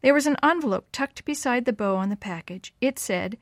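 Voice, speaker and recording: A woman telling a story to children in a gentle, clear voice. Her delivery is unhurried and kind. The sound is close and dry, with no room echo. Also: on the high side, animated. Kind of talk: reading a story aloud to children.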